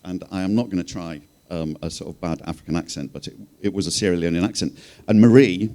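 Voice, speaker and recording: A man with a notably deep, low-pitched voice talks on a panel stage. He tells his stories in a wry, rambling way, padded with fillers and asides. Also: fast talker, dark tone. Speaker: journalist and panel speaker. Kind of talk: panel talk, storytelling.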